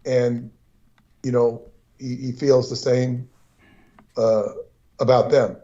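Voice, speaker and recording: A man co-hosts a casual livestream talk and rambles with restarts and asides. His voice sits at an ordinary middle pitch. The audio is dull and lo-fi. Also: flat delivery, slow pace, dark tone. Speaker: co-host.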